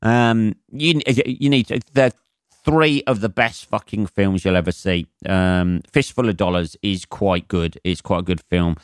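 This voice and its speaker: A man's voice: low voice, unhurried, smooth, dry recording, studio quality. A man in his forties from England hosting a solo comedy podcast, rambling and swearing, with lots of fillers and chuckles at his own jokes.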